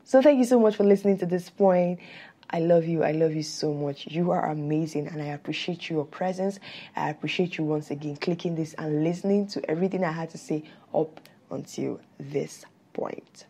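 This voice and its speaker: Low, husky woman hosting a podcast. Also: dark tone. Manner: talks fast and stammers at times; earnest, encouraging, a little nervous. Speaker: podcast host. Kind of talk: heartfelt faith-based podcast talk.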